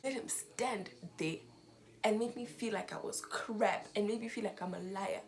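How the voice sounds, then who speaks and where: A woman's voice: mid-range voice, normal speed. Young woman telling an emotional story. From Zimbabwe. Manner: emotional, animated retelling with quoted dialogue. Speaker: vlogger. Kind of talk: storytime vlog.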